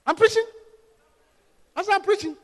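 A man preaching a sermon, animated and acting out scenes in different voices. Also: very high-pitched, moderate pace, big-room sound. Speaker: pastor.

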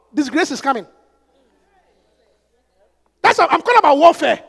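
A man preaching a fervent sermon, swinging from hushed asides to shouted prayers and bursts of speaking in tongues. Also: extremely high pitch, sing-song, moderate pace, vocal fry, long pauses. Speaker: pastor. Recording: echoey hall with long reverb.

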